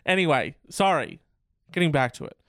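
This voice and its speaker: A man's voice: on the high side, big pitch swings, moderate pace, a bit bright, dry recording, clean studio sound. A man reading odd news stories aloud and mocking them with sarcastic, rambling asides and swearing. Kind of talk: comedic news commentary.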